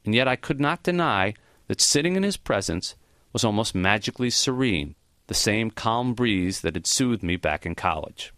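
A man narrating a memoir in the first person, reflective and measured. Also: on the low side, expressive, a bit bright, clean tone, no echo, studio quality. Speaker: audiobook narrator.

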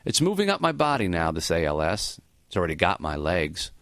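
A man reading the part of a frail, dying old male professor who speaks gently and matter-of-factly. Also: low-pitched, huge pitch swings, no echo, studio quality, voice pushed down, heavily acted. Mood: gentle. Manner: gentle, unhurried, matter-of-fact.

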